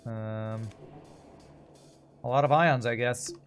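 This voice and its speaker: A man's voice: mid-range voice, steady tone, slow, soft background music. A man with an East Texas accent chatting casually while playing a game on stream, rambling and reacting to the action. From American South. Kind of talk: casual gameplay commentary.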